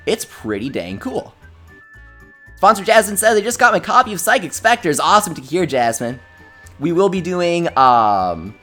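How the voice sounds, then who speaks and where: A young man hosting a casual game livestream, reading chat messages aloud and reacting with excitement. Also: on the high side. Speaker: gaming livestreamer.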